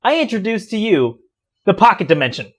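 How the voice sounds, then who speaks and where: A man co-hosting a podcast, improvising a comedy product pitch in a dry, matter-of-fact way. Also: big pitch swings, a little fast. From United States. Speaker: podcast co-host.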